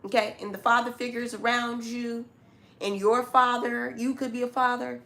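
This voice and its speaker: A woman's voice: a little high, level tone, normal speed, creaky, sharp tone. A woman doing a zodiac tarot reading to camera, talking straight at the listener in a blunt, scolding way, with casual slang and repeated points. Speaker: tarot reader.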